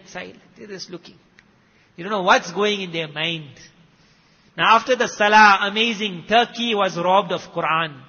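South african preacher guy, high bright voice, big hall echo, kinda muffled. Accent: South African Indian English. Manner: emphatic, rising and dropping loudness. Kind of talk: sermon storytelling.

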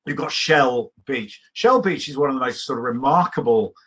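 A man telling travel stories at a live evening talk with a husky, slightly breathy voice. He rambles with enthusiasm and pauses for fillers while he walks the audience through his slides. His voice sits at a middling pitch. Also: lively intonation, fairly bright tone. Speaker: adventurer giving a travel talk.

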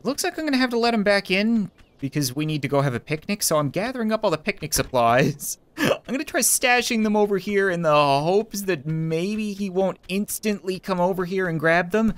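A man's voice: high-pitched, lively intonation, normal speed, no room sound. A young man giving playful let's-play commentary, goofy and giggly, often talking to the game characters in mock-polite asides. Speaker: gameplay commentator.

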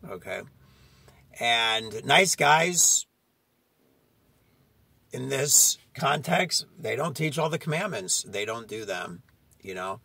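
A man with a lowish, creaky voice, pushed and bright, delivers a fiery street-style sermon. He confronts his listeners head-on, often dropping "okay?" between his points.

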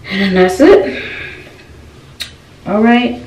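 A woman's voice: mid-range voice, unhurried, dark tone. A young woman vlogger giving a casual hair tutorial, chatting away and constantly checking in with her viewers. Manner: chatty, keeps asking viewers "y'all" questions. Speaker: beauty vlogger. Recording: roomy, distant with faint noise.

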